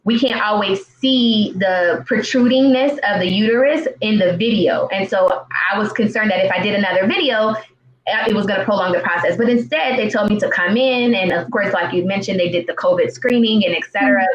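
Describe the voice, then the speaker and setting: A woman's voice: mid-range voice, moderate pace. A woman in her thirties, telling her own story as a guest in a live-stream interview, earnest and heartfelt, with many fillers and restarts. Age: 30s. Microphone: video call. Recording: roomy, dull live-stream audio.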